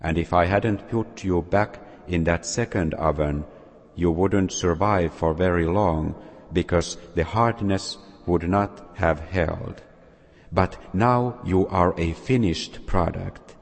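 A man voicing a patient, wise master potter who calmly explains himself. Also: low voice, slow, full character voice. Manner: calm, explaining. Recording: long hall reverb.

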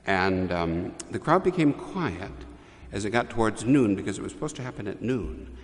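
A man preaching a homily, telling a story in a measured way with restarts and pauses. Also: on the low side, lively intonation, big-room sound. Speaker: priest.

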